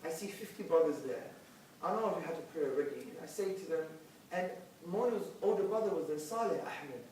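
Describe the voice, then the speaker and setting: A man telling a personal conversion story to an audience in emphatic bursts, switching between hushed and loud. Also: a little high, animated, a little fast, slight background noise. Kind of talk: animated personal testimony to a live audience. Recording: echoey hall, picked up from a distance.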